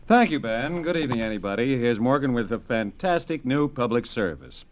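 A middle-aged man giving a deadpan, satirical radio monologue about television, wry and offhand, chuckling at his own remarks. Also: fairly low pitch. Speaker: radio humorist reviewing television. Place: radio studio.

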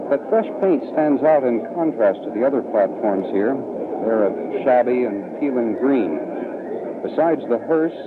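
A man reporting live from a train station concourse, describing the scene in a measured, solemn tone. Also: mid-range voice, animated. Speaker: news correspondent. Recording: tinny broadcast audio with heavy noise.

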